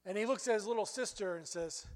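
High-voiced preacher in an echoing hall. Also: male voice, quick pace. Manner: animated storytelling, rising high when excited. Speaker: pastor. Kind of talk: sermon.

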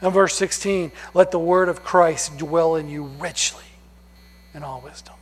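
A man preaching a sermon, emphatic, swinging from loud stresses down to hushed words. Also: fairly high pitch, steady tone, a little slow, a little hiss or hum. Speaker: pastor. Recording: long hall reverb.

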